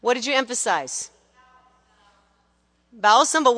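A woman's voice: a little high, animated, moderate pace, bright, forceful tone, big-room sound. A woman teaching a gospel singing class, coaching students energetically, counting them in and singing phrases to show them. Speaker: vocal teacher.

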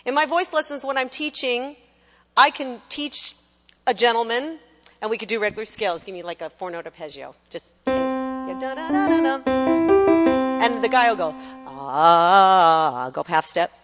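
A woman coaching worship singers in a lively teaching talk, now and then singing a short line or mimicking someone. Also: on the high side, normal speed, in a large hall, over loud music. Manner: animated, sings short demonstration lines, mimics people.

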